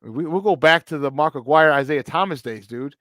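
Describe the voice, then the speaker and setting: A Chicago sports radio host with a Chicago accent bangs his points home, repeating them for emphasis in sports talk banter. His voice is fairly high and fairly bright, a little fast. The sound is clean studio audio with no room sound.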